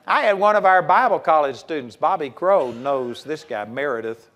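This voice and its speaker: A man preaching a sermon in a folksy, animated way, swinging between loud punches and quiet asides. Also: fairly high pitch, normal speed.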